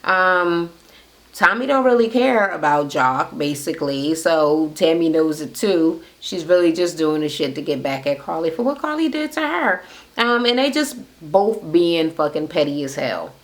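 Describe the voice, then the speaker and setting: A woman's voice: low-pitched, animated, moderate pace. A woman recapping a reality TV episode in a gossipy, profane, casual rant, acting out the cast members' lines as she goes. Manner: gossipy, profane, retells scenes by quoting the cast.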